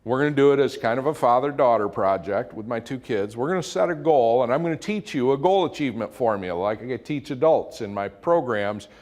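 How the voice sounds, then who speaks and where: Middle-aged Midwestern speaker, folksy storyteller, mid-pitched, motivational talk to a club audience. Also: male voice, a little fast, hardly any pauses. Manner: folksy, quotes his kids in animated voices.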